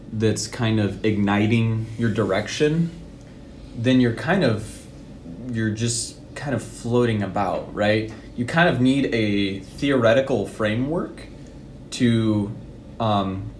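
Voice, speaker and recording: Reflective man guest, lowish voice. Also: a little mellow, a little hiss or hum. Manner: reflective, motivational, many fillers. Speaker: podcast guest. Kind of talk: casual podcast interview.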